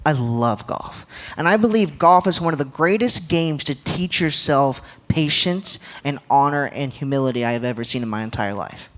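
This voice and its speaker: A man's voice: on the high side, moderate pace, few pauses, fairly bright tone. A man in his twenties giving a playful, jokey leadership talk to a church audience, laughing often. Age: 20s. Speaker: church speaker. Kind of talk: sermon-style leadership talk. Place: church hall, live audience.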